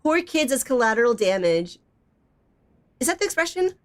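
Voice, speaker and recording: A woman's voice: on the high side, sing-song, normal speed. A young woman streaming a video game, chatting casually and giggling, with lots of "like" and "bro" in her talk. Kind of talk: casual gaming stream chat.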